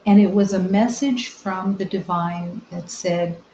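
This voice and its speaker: A woman spiritual teacher giving a meditative talk, soft-spoken and gentle, with long reflective pauses. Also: mid-range voice, slight background noise. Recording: roomy, slightly dull recording.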